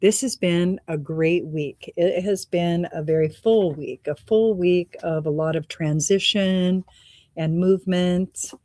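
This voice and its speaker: Low-voiced woman musing, slightly out of breath. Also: slow pace, dark tone, no echo, clean studio sound. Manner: meandering, reflective, laughs often. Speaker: meditation and energy reading host. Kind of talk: casual spiritual talk.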